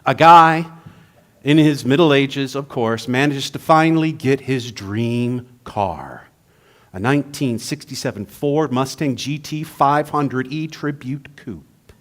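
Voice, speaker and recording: A man's voice: medium pitch, slow, a bit bright. A man giving a humorous sermon, telling jokes in a playful, storytelling manner. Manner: playful, joke-telling, then reflective.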